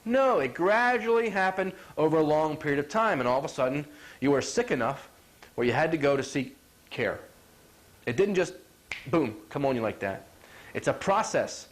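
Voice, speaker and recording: A man's voice: on the high side, moderate pace. A middle-aged man, a chiropractor, giving a folksy health talk and acting out quotes as he goes. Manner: animated, acts out quotes, asks "you follow?".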